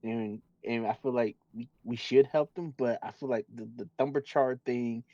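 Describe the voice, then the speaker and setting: A man's voice: mid-range voice, steady tone, normal speed, warm tone, dry recording. A man playing a tabletop game, chatting casually in a rambling way with stammered restarts. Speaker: player. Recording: dull lo-fi mic.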